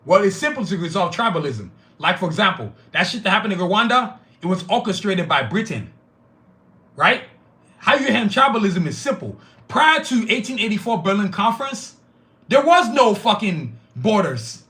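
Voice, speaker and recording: A man's voice: high voice, sing-song, normal speed, pushed and bright. Fiery, profane male podcast host. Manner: profane, fiery, repetitive lists. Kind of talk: impassioned podcast monologue.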